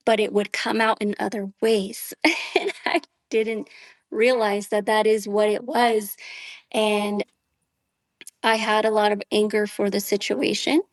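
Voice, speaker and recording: A woman's voice: medium pitch, little pitch movement, takes it slowly, no room sound. A woman guest on a podcast, giving a heartfelt personal faith testimony in an earnest way, with many "you know" fillers.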